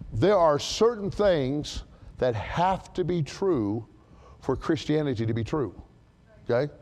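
A man preaching a sermon to a church congregation, emphatic and animated, repeating his key words for stress. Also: fairly high pitch, in a large hall.

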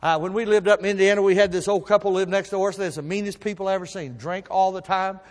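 A man preaching a sermon, telling folksy stories and swinging from soft asides to loud emphasis. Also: high voice, fairly even intonation, fast talker, in a large hall. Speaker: pastor.

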